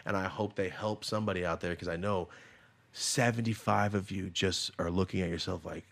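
A young adult man hosting a podcast, telling stories in a profane, animated way, moving from low muttering to loud bursts. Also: brisk, vocal fry. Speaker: podcast host. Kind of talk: casual storytelling chat. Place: podcast studio.

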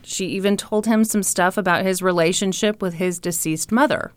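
A woman co-hosting a podcast, telling a story with playful teasing and dramatic pauses. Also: mid-range voice, fairly even intonation, clear, resonant tone, no echo. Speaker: podcast co-host. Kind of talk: comedic storytelling.

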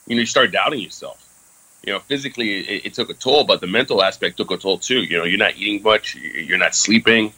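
A man's voice: fairly low pitch, fast talker, sharp tone, slightly rough, no echo, low-quality recording. A man who served in the Army, telling a candid story in casual talk with lots of fillers and some swearing. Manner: frequent fillers, candid and profane. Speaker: interview guest, Army veteran.

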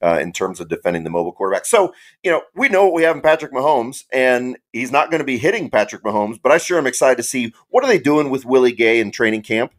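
A man's voice: medium pitch, expressive, fast. A man from Kansas City, a guest contributor on a casual podcast, chatty and self-amused.

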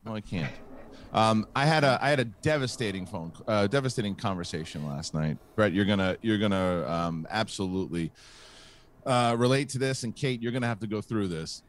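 A middle-aged man with a lowish voice hosts a live show at a brisk pace. In casual chat, he tells a long personal story, rambling, restarting often and filling gaps with fillers.

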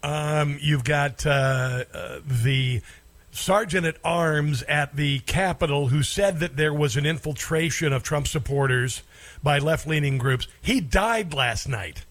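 A man's voice: fairly high pitch, slow pace, a bit bright. A man hosting a political talk show, speaking in a sarcastic, scornful way and cutting in on played clips. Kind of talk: combative commentary over clips.

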